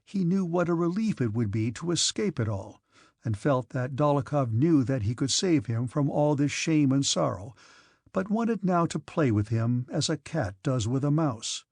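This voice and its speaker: A man narrating a classic novel with a gravelly, husky voice pitched a touch high. He reads in a measured, steady way, close to the mic in a dry, dead room. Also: no echo. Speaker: audiobook narrator.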